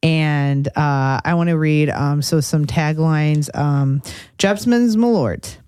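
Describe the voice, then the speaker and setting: A woman's voice: sits low, slow, a little mellow, clear, resonant tone, no echo. A woman hosting a casual podcast, joking and rambling as she talks, laughing often. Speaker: podcast host. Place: Chicago.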